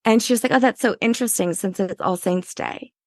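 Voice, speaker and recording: Woman guest, chatty and animated, gravelly edge, mid pitch. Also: brisk, no room sound, clean studio sound. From Louisiana. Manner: animated, full of "like", acts out voices in her story. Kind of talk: casual interview storytelling.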